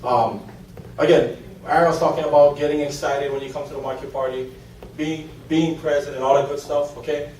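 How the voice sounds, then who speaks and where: A man's voice: a little high, steady tone, a little fast, a little mellow. Guy talking to a training crowd from far off the mic, faint noise around. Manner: casual, repeats himself with restarts. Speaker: network marketing trainer. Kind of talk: seminar talk. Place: large meeting room. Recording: echoey hall from far off.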